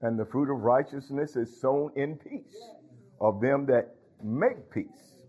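Folksy pastor, husky voice. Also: male voice, medium pitch, slow, warm tone, dull audio. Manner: folksy, talks to congregation, frequent hallelujahs and laughs. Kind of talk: sermon.

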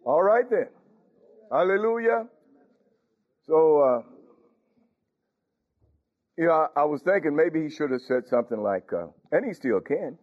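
Preacher guy, kinda high voice, keeps asking the church do y'all hear me. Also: sing-song, measured pace, long pauses. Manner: conversational, questioning the congregation, chuckling. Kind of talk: sermon. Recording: tinny phone-like recording.

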